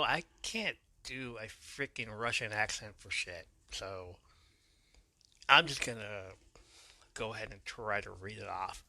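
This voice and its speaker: Man with a very bright, tense voice. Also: medium pitch, normal speed, no room sound. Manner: loose and swearing, corrects his own slips. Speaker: podcast host. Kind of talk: casual episode recap.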